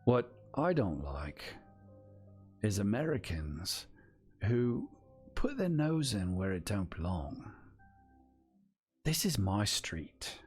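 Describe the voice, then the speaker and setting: A man doing a slow, menacing street thug. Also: lowish voice, very animated, slightly rough, faint music behind, full character voice. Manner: slow, threatening and clipped. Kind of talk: tabletop role-play voice.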